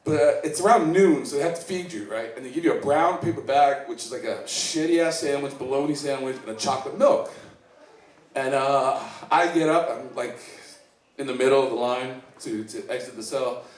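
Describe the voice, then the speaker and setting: A man's voice: medium pitch, moderate pace. A man from Iceland doing open mic stand-up, rambling and self-deprecating, acting out the voices of the people in his stories. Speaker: stand-up comedian. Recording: echoey room recorded from a distance. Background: audience laughter.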